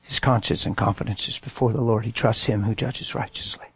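A man's voice: on the low side, fairly even intonation, brisk, husky, no echo. A man preaching a sermon and telling stories in a folksy, emphatic way. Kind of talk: sermon with storytelling.

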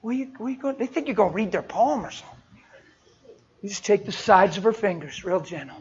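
A man's voice: sits high, lively intonation, fast talker. A male preacher giving a sermon in a folksy storytelling way, acting out everyday conversations. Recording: dull lo-fi recording.

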